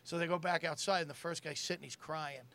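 A middle-aged comedian with a gravelly edge and a bright, forceful tone, telling a joke in casual chat. He drops lower to act out the characters' lines. His voice sits a little high for a man. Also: steady tone, fast talker. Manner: storytelling, acts out quotes in a lowered voice.

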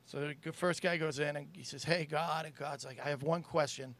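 A man's voice: steady tone, fairly quick, gravelly, hardly any pauses, a bit bright. A middle-aged man, a comedian, telling stories and jokes in casual chat and acting out the quotes. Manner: storytelling, acts out quotes in a lowered voice.

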